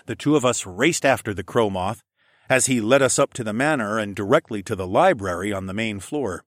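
Low-voiced man narrating an audiobook. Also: normal speed, no echo, studio quality. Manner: lively, playful character dialogue. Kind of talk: first-person audiobook narration.

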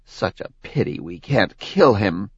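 A man's voice: on the low side, animated, unhurried, breathy edge, no echo, lo-fi sound, heavily acted. A man voicing a cruel female goddess who taunts and gives menacing orders. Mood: scheming. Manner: mocking, menacing, shouts orders.

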